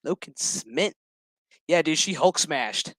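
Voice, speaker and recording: This is loose, foul-mouthed reaction commentary: a man on stream retells a show's scenes to his chat in a sassy, over-the-top, profane way. He speaks slowly in a fairly high, sharp voice with lively intonation, and the audio is completely dry.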